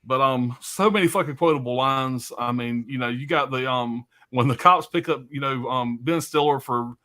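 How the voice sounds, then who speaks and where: A man's voice: mid-range voice, normal speed, sharp tone. A man hosting a live stream, chatting casually about films in a loose, profane, rambling way full of fillers.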